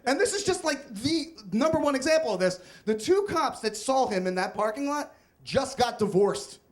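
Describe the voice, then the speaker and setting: Lively high-voiced young man telling a story. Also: moderate pace. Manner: animated, comic, self-mocking. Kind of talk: live story slam telling. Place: stage at a live storytelling event.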